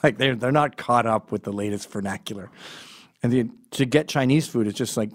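A man telling a long comic story, rambling and profane and dropping deadpan asides. His voice sits in a middle register, and the delivery is loose and conversational. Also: mid-range voice, fairly quick. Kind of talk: comedic storytelling monologue.

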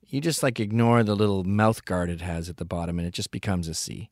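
A man with a fairly low voice delivers a ranting, profane comic monologue with deadpan asides. The recording is close and dry, with no room sound. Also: a little fast, few pauses, dry recording. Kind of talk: comedic storytelling monologue.

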